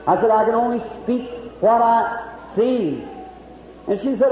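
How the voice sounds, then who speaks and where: A man's voice: extremely high pitch, animated, unhurried, a little hiss or hum. A man preaching a revival sermon, telling a story with fervor and plain rural grammar. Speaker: evangelist preacher. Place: large meeting hall with audience. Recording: lo-fi old hall recording.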